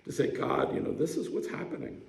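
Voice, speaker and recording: A man's voice: fairly high pitch, lively intonation, a little fast, gravelly, roomy sound, low-quality recording. A man preaching a sermon as a pastor, telling the story in a conversational way and putting questions to the congregation. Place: church sanctuary.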